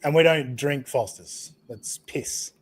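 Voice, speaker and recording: A man's voice: medium pitch, takes it slowly, slightly rough. An Australian man co-hosting a casual chat, laid-back and joking, swearing freely. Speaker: co-host.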